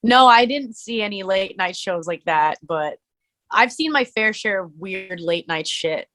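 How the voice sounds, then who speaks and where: A young adult woman talks casually as a podcast guest. Her speech rambles through filler words at an everyday pitch, and she laughs easily. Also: expressive, a little slow, fairly bright tone. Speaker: guest, musician and streamer.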